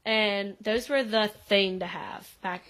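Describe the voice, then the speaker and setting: A woman's voice: mid-range voice, fairly even intonation, slow, a bit bright. A young woman co-hosting a podcast, chatting casually and laughing often, with lots of "like" fillers. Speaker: podcast co-host. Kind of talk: casual recap chat.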